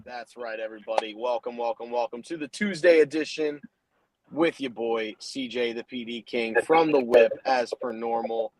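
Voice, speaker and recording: A man's voice: mid-range voice, normal speed, slight background noise, poor audio. A man hosting a casual sports betting podcast, talking loose and hyped with lots of fillers, recorded from his car while driving. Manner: loose, hype, rambling with fillers and restarts. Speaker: podcast host.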